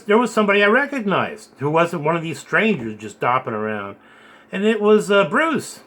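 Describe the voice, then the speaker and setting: Man, fairly high pitch, bright forceful tone, rambling halting storyteller, earnest preaching vlog. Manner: rambling, halting, repeats words. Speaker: video blogger recounting a dream.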